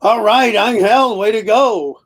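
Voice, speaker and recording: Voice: mid-range voice, measured pace. A host cheering on the reader after a virtual book launch reading. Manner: cheering, encouraging.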